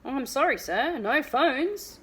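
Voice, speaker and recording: A woman reading aloud and voicing a gruff, creepily polite male monster in a costume. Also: very high-pitched, lively intonation, takes it slowly, bright, forceful tone, slight background noise, pitched above the performer's own voice, exaggerated voice, low-quality recording.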